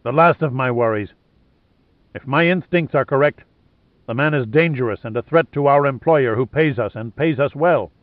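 A man's voice: medium pitch, moderate pace, no room sound, voice pushed up, lightly acted. A man reading a ruthless male henchman commander who gives stern, clipped orders. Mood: commanding. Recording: narrow phone-like sound.

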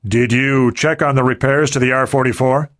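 A man voicing a composed male ship captain, measured and decisive. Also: medium pitch, fairly even intonation, a bit bright, voice pushed up, close to an everyday voice. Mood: steady.

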